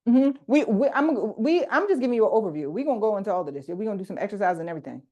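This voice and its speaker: A woman coaching a group on a video call, teaching in a casual, animated way and talking straight to her listeners with slang. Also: mid-range voice, racing, dull audio. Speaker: coach leading a group workshop.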